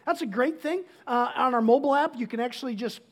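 A middle-aged pastor gives a relaxed, chatty sermon, tossing in jokes and stopping to restart his sentences. His voice sits noticeably high for a man. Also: fast. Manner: casual, joking, restarts often.

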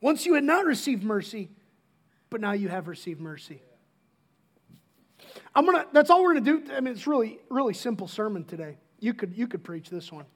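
A man's voice: sits high, sing-song, brisk, pauses often. A middle-aged man preaching a sermon as pastor, casual and joking, often restarting his sentences.

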